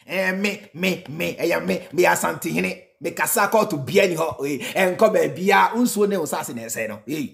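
A man's voice: high-pitched, expressive, moderate pace, creaky. A Ghanaian man hosting a reaction video, commenting emphatically and repeating lines for effect, sometimes half-singing.

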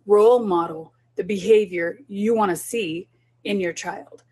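A woman's voice: medium pitch, a little slow, a little mellow, husky. A woman who is a child development specialist, talking parents through a group session in an earnest, instructive way.

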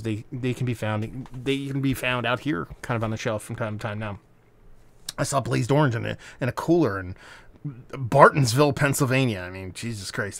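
A man's voice: medium pitch, no echo. A man reviewing a beer on camera in a casual, rambling way, swearing now and then. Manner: animated, rambling, swears freely.

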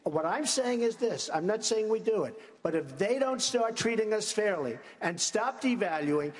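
A man's voice: high-pitched, animated, moderate pace, in a large hall. Emphatic man, repetitive debate talk. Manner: emphatic, repetitive, talks over interruptions. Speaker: presidential debate candidate. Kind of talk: debate answers. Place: large debate hall.

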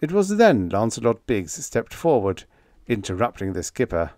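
A man narrating a humorous vintage sci-fi story in the first person. His delivery is animated, with plenty of rise and fall in pitch. The recording is close and dry, made on a studio mic. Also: moderate pace, dry recording. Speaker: audiobook narrator.

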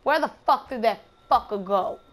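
A woman's voice: a little high, expressive, moderate pace. A woman streamer commenting on her gameplay in a casual, profane, trash-talking way. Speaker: gamer streamer.

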